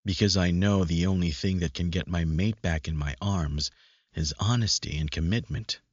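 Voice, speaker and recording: A man's voice: sits low, moderate pace, slightly rough, no room sound. A man reading a first-person audiobook in a brooding, self-questioning way. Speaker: audiobook narrator. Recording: dull lo-fi recording.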